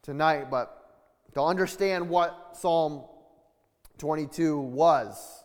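A man preaching slowly and deliberately, his fairly high voice carrying a long hall echo. He teaches in measured phrases and restarts often as he works through his point. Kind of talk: sermon. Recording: long reverb of a large hall.

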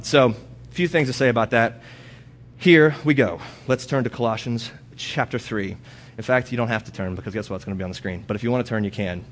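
A young man giving a casual sermon in a church, telling personal stories and mimicking arguments in a raised voice. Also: slight background noise. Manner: animated storytelling, mimics quarrels in a high voice. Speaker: guest speaker. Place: church hall.

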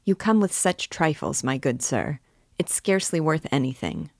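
A woman's voice: low voice, expressive, moderate pace, dry recording, clean studio sound. A woman reading a novel aloud, voicing a severe, miserly old female pawnbroker in a curt, haggling manner.

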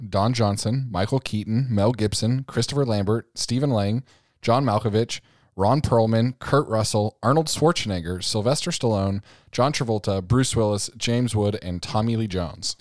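A man's voice: fairly low pitch, moderate pace, darkish tone, dry recording, studio quality. A laid-back man in a casual movie chat who hedges his guesses.

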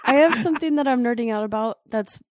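A woman co-hosting a podcast, chatty and quick to laugh. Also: a little high, no room sound, studio quality. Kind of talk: casual chat.

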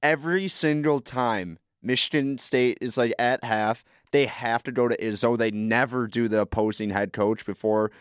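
A man's voice: mid-range voice, steady tone, moderate pace, few pauses, clear, resonant tone, no echo, studio quality. A man in casual sports chat, talking loosely with many fillers and acting out quotes from coaches and commentators.

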